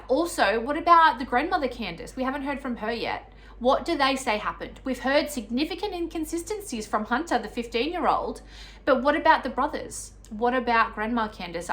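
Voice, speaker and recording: A woman's voice: a little high, fairly bright tone. A young woman, talking casually and earnestly as a true crime video host, with a lot of "you know" and "like".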